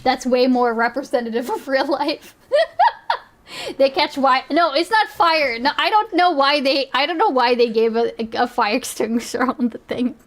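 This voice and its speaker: Woman streamer, high voice, giggly, rambling, casual reaction chat. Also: normal speed, a bit bright. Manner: giggly, rambling, often restarting sentences.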